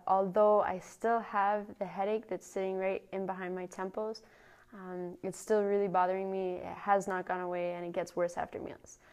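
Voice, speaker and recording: Flat-voiced woman giving a gym update. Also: medium pitch. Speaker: vlogger. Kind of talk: casual video diary.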